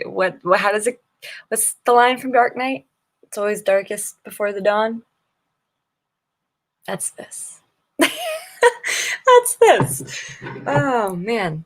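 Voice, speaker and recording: A woman's voice: medium pitch, a bit bright. A young woman chats casually on her morning writing livestream, reading out viewer comments as she goes. She rambles and restarts her sentences, and she giggles often. She sounds tired and a little loopy from being up early.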